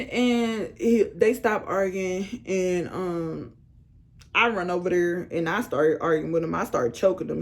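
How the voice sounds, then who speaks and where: A young woman vlogger telling a storytime tale in an animated, slangy, laughing way. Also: mid-range voice. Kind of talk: casual storytime.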